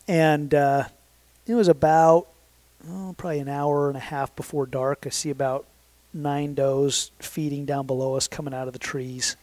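A man's voice: on the high side, darkish tone, dry recording. Rambling, chatty man in his thirties. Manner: rambling, self-correcting, frequent fillers. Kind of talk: casual storytelling. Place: southern Utah.

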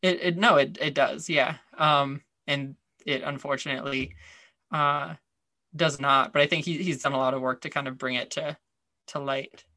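A man co-hosts a podcast and chats casually, rambling along with lots of fillers and restarts. His voice is on the high side, steady, pushed and bright, delivered at normal speed in a studio-quality recording with no room sound.

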